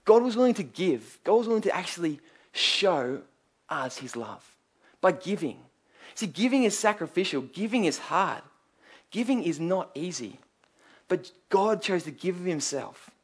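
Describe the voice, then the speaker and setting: Earnest male preacher, somewhat high voice. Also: very animated, moderate pace, slightly rough. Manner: earnest, emphatic storytelling with rhetorical questions. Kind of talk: sermon.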